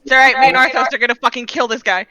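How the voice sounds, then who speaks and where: Bright high-voiced male player. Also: fairly even intonation, rapid-fire, no room sound, rough recording. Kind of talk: casual tabletop play.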